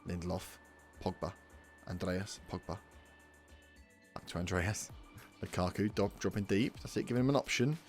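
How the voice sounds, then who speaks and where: A man's voice: low-pitched, moderate pace, long pauses, faint music behind. A young man commentating his football management game, scolding his players and swearing in frustration. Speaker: let's play host. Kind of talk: gaming commentary.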